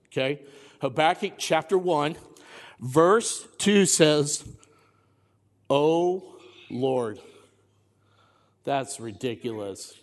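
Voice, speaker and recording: Male pastor, slightly raised pitch, conversational sermon, repeats phrases, church hall reverb. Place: church sanctuary.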